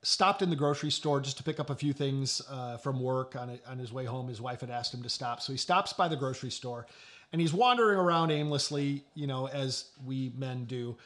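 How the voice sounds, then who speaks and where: A middle-aged man preaching a sermon. He tells a story in a conversational way and often drops to a low, quiet voice. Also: a little fast. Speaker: pastor.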